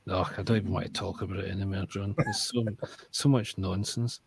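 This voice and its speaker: A man's voice: deep voice, steady tone, brisk, gravelly, breathy edge. A Scottish man co-hosting a stream, chatting casually and rambling while fumbling for names. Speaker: stream co-host. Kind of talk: casual chat.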